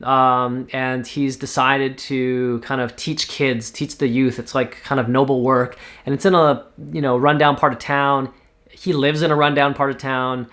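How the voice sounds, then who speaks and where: Canadian guy rambling through a show pitch, lots of um and you know. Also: level tone, unhurried, a bit bright. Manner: rambling, filler-heavy. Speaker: author pitching a TV series. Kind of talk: casual spoken story pitch.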